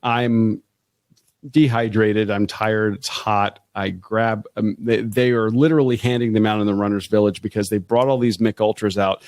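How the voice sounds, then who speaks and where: A man's voice: on the low side, fairly even intonation, normal speed, darkish tone, dry recording. A man co-hosting a podcast, telling stories in a chatty way with frequent restarts. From Florida, USA. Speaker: podcast co-host. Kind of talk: casual chat.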